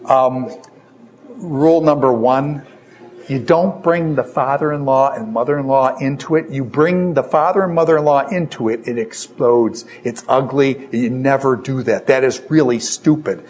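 A male preacher giving an animated, conversational sermon, asking the audience questions and joking about himself. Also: mid-range voice, moderate pace. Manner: self-deprecating humor.

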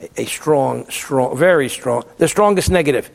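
A man's voice: on the high side, expressive, moderate pace, gravelly, long reverb tail. A man giving a Bible lecture, emphatic and repeating words to stress his points. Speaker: theology lecturer.

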